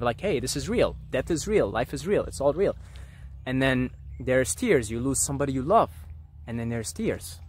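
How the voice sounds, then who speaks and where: A man musing aloud in an unscripted monologue, halting often with fillers and restarts, repeating phrases and at times dropping to soft near-whispers. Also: medium pitch, slight background noise. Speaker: vlogger.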